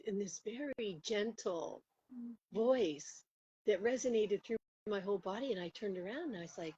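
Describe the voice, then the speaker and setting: A woman over forty in casual conversation, telling a personal story in an animated way, laughing often and acting out what people said. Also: mid-range voice, brisk, a little hiss or hum. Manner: animated, laughing, acts out quotes with rising voice. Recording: muffled lo-fi audio.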